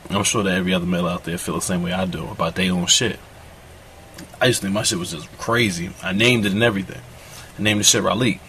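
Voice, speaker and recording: A man's voice: mid-range voice, a bit bright, slight background noise. A man doing a crude comedic monologue, telling a rambling, profane story in a boastful tone.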